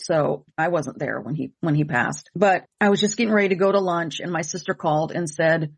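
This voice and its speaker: Low gravelly-voiced woman telling a story. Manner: emotional, earnest, repeats herself for emphasis. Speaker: medium and co-host. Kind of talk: candid conversational storytelling.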